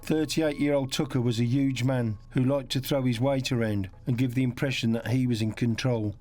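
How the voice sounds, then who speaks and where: Guy narrating a crime doc, serious and measured, faint music under it. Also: mid-range voice, steady tone, darkish tone. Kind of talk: scripted documentary narration.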